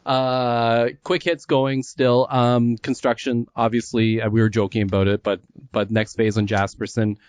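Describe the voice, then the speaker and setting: Give me a playful man co-hosting a podcast in an average-pitched voice. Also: level tone, measured pace, smooth, no room sound. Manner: playful, teasing. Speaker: podcast co-host. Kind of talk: casual chat.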